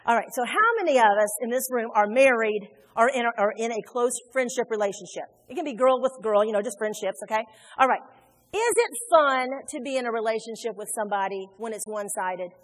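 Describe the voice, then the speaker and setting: A woman preaching a sermon in a church, animated and conversational, joking with her congregation. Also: fairly high pitch, a little fast. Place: church sanctuary. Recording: long hall reverb.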